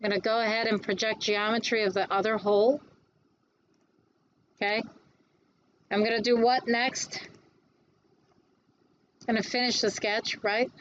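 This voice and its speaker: A woman instructor giving a classroom lecture on design software, chatty and quick to answer her own questions. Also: a little high, little pitch movement, muffled recording, a little hiss or hum.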